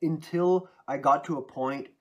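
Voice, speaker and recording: A man's voice: fairly high pitch, unhurried, fairly bright tone. A man in casual chat, thoughtfully explaining tips on voicing characters at length.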